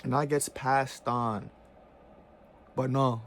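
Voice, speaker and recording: A man's voice: fairly high pitch, normal speed, vocal fry, breathy edge. A man in a heated, casual vlog rant, full of profane slang and repeated fillers. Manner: heated, profane slang, repeats "bro" and "you know what I'm saying". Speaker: vlogger.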